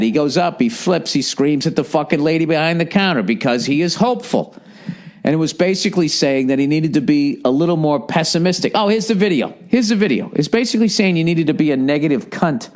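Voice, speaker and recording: A man's voice: fairly high pitch, brisk. A man in his forties ranting casually and profanely on a solo podcast, exasperated. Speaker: podcast host.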